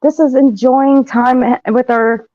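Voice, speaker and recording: A woman's voice: sits high, fairly even intonation, a little slow, no echo. Blunt, affectionate woman co-host on dull audio. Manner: affectionate, blunt, swears casually. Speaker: livestream co-host. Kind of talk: casual livestream chat. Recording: dull, dry stream audio.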